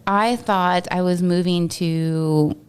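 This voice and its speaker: A woman from Texas, a podcast guest, telling stories in an animated, casual way and laughing often. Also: fairly low pitch, slow, smooth. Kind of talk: casual storytelling interview.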